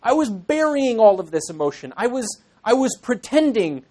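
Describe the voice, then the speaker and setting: A man's voice: very high-pitched, very animated, normal speed, mellow. A young Irish man in his twenties, a pastor in training, preaching a sermon to a congregation in an earnest, emphatic way with self-deprecating asides.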